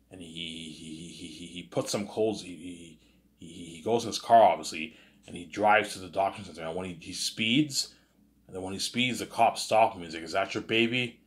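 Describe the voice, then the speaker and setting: Low male voice, casual rambling monologue, frequent restarts, loose and unscripted. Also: fairly bright tone. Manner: rambling, with many restarts and "you know what I'm saying"; casual, with swearing. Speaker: host.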